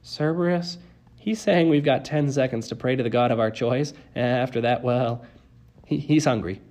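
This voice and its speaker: A man's voice: medium pitch, moderate pace, darkish tone, close to an everyday voice. Man doing a jittery teen satyr. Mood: nervous. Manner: hesitant, stammering. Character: nervous teen satyr boy.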